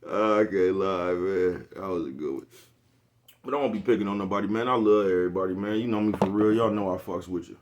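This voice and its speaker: A man's voice: sits low, fast talker, darkish tone, lo-fi sound. A young man rambling in a casual vlog monologue, laughing often and swearing heavily. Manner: laughs often, crude slang, keeps asking "you know what I'm talking about". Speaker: vlogger.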